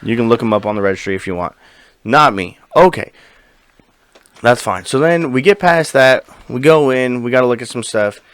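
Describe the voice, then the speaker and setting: A man co-hosting a podcast, telling a story in casual chat, animated and profane, acting out the lines of the people in it. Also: mid-range voice, moderate pace, no room sound. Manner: animated, profane, acts out quoted dialogue. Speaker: podcast co-host.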